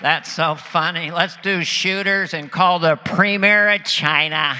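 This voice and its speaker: A man's voice: fairly high pitch, fairly even intonation, bright, forceful tone, slight background noise. A man doing a folksy, drawling older president. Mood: bossy, teasing. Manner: slow, drawling, chummy and bossy. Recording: reverberant hall with faint music.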